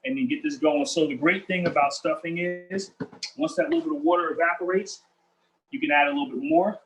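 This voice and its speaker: Upbeat chef talking through a recipe. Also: male voice, fairly high pitch, brisk, fairly bright tone, poor audio. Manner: upbeat, chatty, addresses viewers as y'all and family. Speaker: chef hosting a cooking demo. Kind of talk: cooking demonstration. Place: kitchen.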